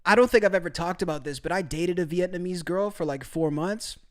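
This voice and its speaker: A man's voice: high voice, fairly quick. A young man casually talking to his live-stream chat, laughing often, cursing and calling viewers bro. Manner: crude, laughing, brotherly slang.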